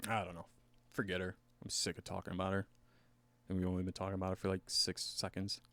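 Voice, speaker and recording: A man co-hosting a podcast, talking in a casual, rambling, animated way with lots of filler words. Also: sits low, fast talker. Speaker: podcast co-host. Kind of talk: casual chat.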